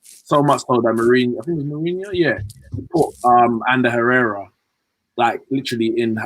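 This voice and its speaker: A man giving animated, joking football opinions as a podcast co-host. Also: medium pitch, brisk, poor audio. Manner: animated, joking, uses fillers. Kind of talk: casual chat.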